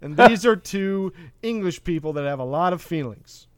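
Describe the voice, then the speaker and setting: A man doing an impression of a famous actor as a gruff captain, deadpan and mock-serious, in a comic movie podcast bit. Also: high voice, moderate pace, dry recording, studio quality.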